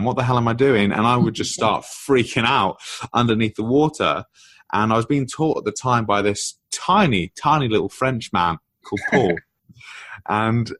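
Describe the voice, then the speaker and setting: A man being interviewed as a guest author on a podcast, explaining ideas in an energetic, conversational way. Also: medium pitch, no room sound.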